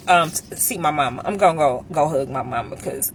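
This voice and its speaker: A middle-aged woman chatting casually with viewers on a livestream, heartfelt and emotional, pausing often with ums. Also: sits low, a little hiss or hum. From Chicago area. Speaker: vlogger and insurance agent. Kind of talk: casual live-stream chat with viewers. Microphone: phone.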